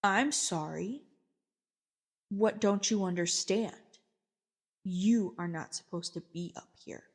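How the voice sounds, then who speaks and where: A woman voicing an angry older man who yells and scolds a visitor. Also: medium pitch, takes it slowly, husky. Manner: yelling, scolding.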